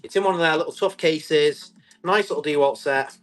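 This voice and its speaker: A man, selling tools on a live stream, chatty and quick to describe each item and call out the bids. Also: a little high, soft background music. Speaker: live auction seller.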